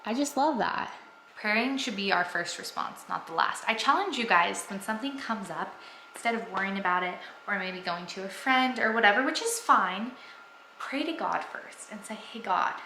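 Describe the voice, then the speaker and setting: A woman's voice: medium pitch, lively intonation, normal speed, sharp tone, echoey room, a little hiss or hum, rough recording. A young woman vlogging at home, talking earnestly and enthusiastically about her faith to the camera. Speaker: family vlogger. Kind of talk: casual faith talk to camera.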